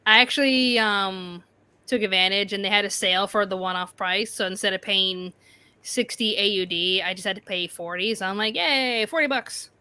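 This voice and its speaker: A woman's voice: medium pitch, fairly even intonation, normal speed, sharp tone, clean tone, no echo. A woman co-hosting a podcast, chatting casually and explaining her streaming setup. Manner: chatty, explaining tech settings. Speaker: podcast co-host. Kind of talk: casual live-stream chat.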